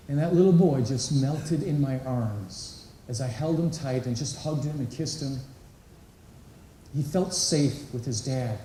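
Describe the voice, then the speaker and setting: A man's voice: mid-range voice, measured pace, warm tone, slight background noise. A man giving an inspirational talk at a conference, engaging the audience with questions and acting out quotes. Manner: engaging, asks the crowd questions and acts out quotes. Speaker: conference speaker. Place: large conference hall. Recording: echoey hall, voice picked up from a distance.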